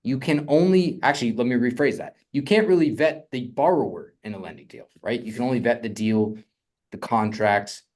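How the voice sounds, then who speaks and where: Speaking briskly in a mid-range voice, a young man teaches about real estate funding. The talk is casual and energetic, peppered with frequent "right?" questions.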